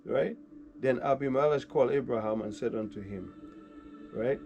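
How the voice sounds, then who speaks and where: A man teaching from the Bible. He reads old scripture slowly, then retells it in casual everyday slang, often asking his listeners "right?". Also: medium pitch, a little mellow, dull audio, faint music behind. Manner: keeps checking in with listeners. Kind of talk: Bible reading and commentary.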